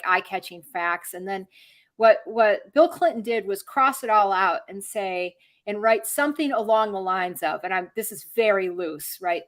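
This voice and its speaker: A woman's voice: medium pitch, a bit bright. Earnest, rambling middle-aged woman host. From Michigan, USA. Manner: earnest, rambling, with many fillers and restarts. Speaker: podcast host. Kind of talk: casual political podcast chat.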